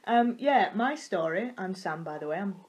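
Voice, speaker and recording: A woman's voice: medium pitch, lively intonation, moderate pace, a little mellow. A nineteen-year-old woman with a Yorkshire accent, chatting casually as a podcast co-host, laughing easily and swearing now and then. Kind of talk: casual chat.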